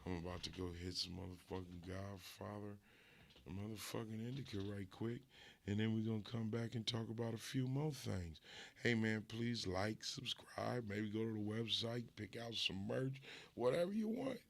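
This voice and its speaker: Gravelly, laid-back male storyteller. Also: fairly low pitch, moderate pace. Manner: laid-back, profane, laughs often. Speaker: host. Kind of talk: casual storytelling.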